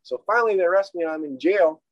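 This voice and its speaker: A man with a notably high speaking voice recounts a personal mishap in loose, profanity-laced storytelling. His delivery rambles and stays animated. The recording is dry and close, with a dull, lo-fi tone. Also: quick pace, no echo.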